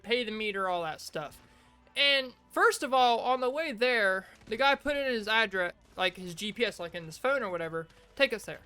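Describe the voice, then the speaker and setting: Woman, fairly high and bright, casual rambling storyteller over gameplay, desk mic. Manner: rambling, chatty anecdotes with restarts. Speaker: gaming video creator.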